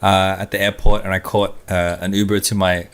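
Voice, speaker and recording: Man, low voice, casual podcast banter, laughs through his stories. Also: level tone, a little fast, a bit bright, clear, resonant tone. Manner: laughs while telling stories. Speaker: podcast co-host. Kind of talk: casual chat.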